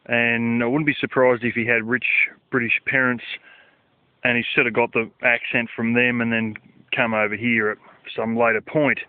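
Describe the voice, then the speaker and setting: A man chats loosely to camera, full of fillers and offhand swearing. His voice comes through a narrow, phone-like band with no room sound. He sits at a middle pitch and keeps an easygoing, rambling pace. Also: little pitch movement, moderate pace, clean tone, no echo. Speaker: vlogger. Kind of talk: casual rambling monologue. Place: outdoors at night.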